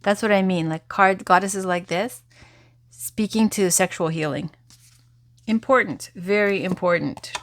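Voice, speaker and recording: A woman with a mid-range voice and a measured pace does a tarot reading and guided affirmation. She's talkative and frank, with lively asides, and admits her voice is giving out.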